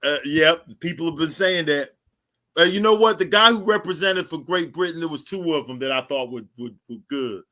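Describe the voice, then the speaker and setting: A man's voice: on the high side, normal speed, sharp tone. A man co-hosting a boxing talk show in easygoing casual chat. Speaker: co-host.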